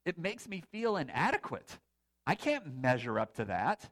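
A man delivers a sermon in an easy, conversational way, his voice sitting a little high for a man. His pitch swings widely as he builds and releases emphasis. He talks straight to the room and invites a show of hands. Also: moderate pace. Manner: conversational, animated, asks audience to raise hands. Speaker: preacher. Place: church or hall before a live congregation.

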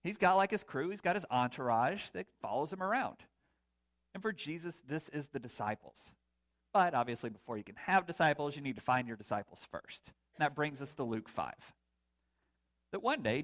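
Animated man preaching a lively sermon. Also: a little high. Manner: conversational, animated, asks audience to raise hands. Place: church or hall before a live congregation.

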